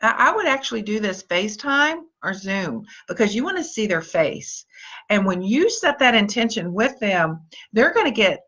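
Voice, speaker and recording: Very animated at normal speed, her mid-range, slightly bright voice drives a live-stream pep talk. This team leader and motivational speaker cheers on her team and warmly calls out viewers by name.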